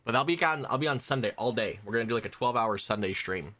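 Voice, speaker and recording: With lively intonation and a sharp tone, a young adult man streams a game at a quick pace in a medium-pitched voice. He keeps up a rambling, casual chat with his viewers as he plays.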